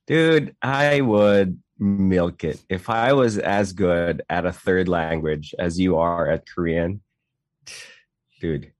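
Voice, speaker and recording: A man's voice: low voice, slow, no echo. A man from the Philippines, co-hosting a podcast, telling stories with laughter in casual chat. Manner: laughing, animated storyteller.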